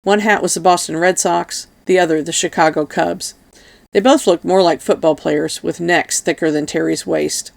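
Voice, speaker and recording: A woman reading an audiobook in a steady, even narration. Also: fairly low pitch, normal speed, vocal fry. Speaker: audiobook reader.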